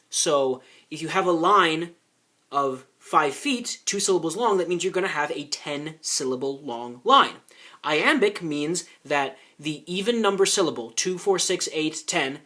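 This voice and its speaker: A man's voice: a little high, pushed and bright. A man rebutting a clip in argumentative commentary. He explains at length, restarts his sentences often and curses now and then.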